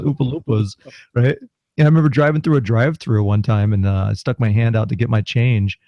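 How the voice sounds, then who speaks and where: A man's voice: mid-range voice, brisk, no room sound. A middle-aged man from South Florida, co-hosting a podcast, telling casual anecdotes and laughing as he goes. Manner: laughs through animated anecdotes. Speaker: podcast co-host. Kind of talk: casual storytelling chat. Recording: muffled lo-fi recording.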